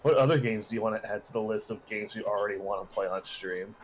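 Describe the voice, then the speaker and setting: A man's voice: on the low side, fast, a little hiss or hum. A young man in casual chat with friends on a live stream, joking and swearing, often dropping into silly voices.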